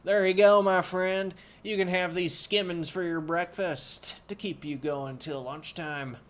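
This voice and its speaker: A man doing a booming, jovial feast cook. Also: steady tone, unhurried, a bit bright, slight background noise. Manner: hearty, boisterous.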